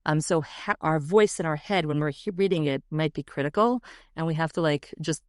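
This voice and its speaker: Brief: low, smooth woman's voice, animated guest who mimics voices, dry close sound. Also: brisk, no echo. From United States. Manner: animated, acts out quoted voices. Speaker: guest educator and author. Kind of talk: podcast interview.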